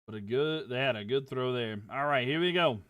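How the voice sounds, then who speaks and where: A young man giving casual play-by-play commentary on a livestream, getting louder on big plays and dropping low when he talks to viewers. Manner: rises and quickens on big plays, drops low chatting with viewers.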